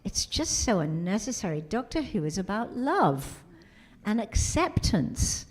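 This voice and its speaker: A middle-aged woman, guest of honor at a convention panel, telling lively stories and acting out quotes. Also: mid-range voice, measured pace. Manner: animated storyteller who acts out quotes.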